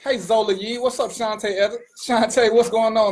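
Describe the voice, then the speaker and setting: A man's voice: sits high, fairly even intonation, normal speed, darkish tone. A man hosting an internet radio talk show, slangy and casual, greeting viewers by name.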